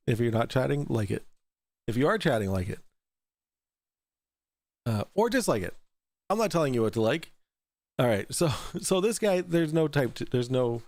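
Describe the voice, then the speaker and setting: A man's voice: medium pitch, a little mellow, no echo. A man hosting a casual livestream, reading out super chats in a loose, rambling way, swearing freely and laughing often. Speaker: livestream talk show host.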